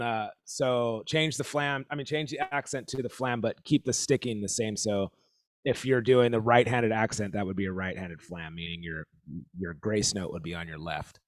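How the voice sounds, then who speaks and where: A man's voice: mid-range voice, no echo. A man leading a live-streamed group drum lesson over a video call. He is exclamatory, laughs often and counts the players in.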